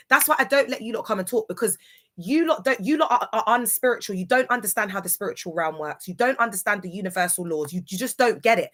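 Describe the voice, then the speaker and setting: Her voice is medium in pitch and a touch bright as this livestreamer, in grief, addresses her audience casually. She lectures emphatically and keeps asking if they understand.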